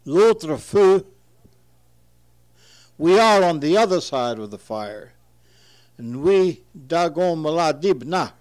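A man's voice: fairly high pitch, a little mellow. A man reading aloud from his own translation of a word list, reading each entry, repeating words carefully and explaining them.

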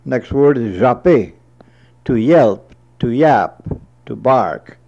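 A man reads a word list at an unhurried, deliberate pace, giving each entry and then its meaning. His voice is mellow and dark. The recording sounds dull and lo-fi. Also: mid-range voice, animated, gravelly. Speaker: language teacher reading a word list. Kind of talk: slow dictionary reading with translations.

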